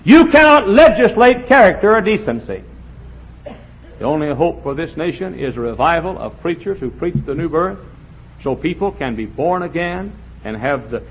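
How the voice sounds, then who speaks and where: A man preaching a fiery revival sermon, swinging from shouts to low quiet lines. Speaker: pastor. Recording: dull lo-fi with faint hiss.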